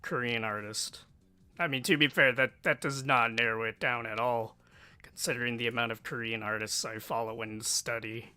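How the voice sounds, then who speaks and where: A man's voice: medium pitch, steady tone, normal speed, pushed and bright, smooth, no echo. An American man streaming live while drawing, rambling to himself in a self-mocking, offhand way.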